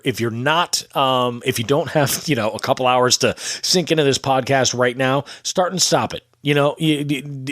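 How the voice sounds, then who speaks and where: A man's voice: medium pitch, a bit bright, no room sound, studio quality. A man hosting a podcast, talking in a casual, rambling, enthusiastic way with lots of restarts. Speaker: podcast host.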